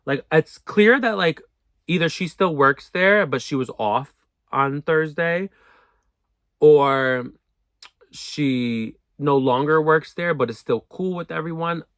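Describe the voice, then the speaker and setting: A young man telling a storytime in a casual, profane, animated way, acting out what people said. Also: fairly high pitch, takes it slowly, no echo. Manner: animated, profane, acts out quotes. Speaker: storyteller vlogger.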